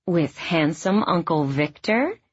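A woman reading aloud, voicing a playful young woman dancer with an unhurried, teasing manner. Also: fairly low pitch, lively intonation, husky, no echo, lo-fi sound, exaggerated voice.

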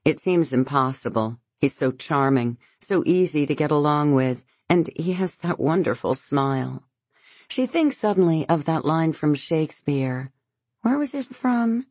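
Very low, slow-reading woman narrator. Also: expressive, a little mellow, no echo. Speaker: audiobook narrator. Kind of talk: scripted narration.

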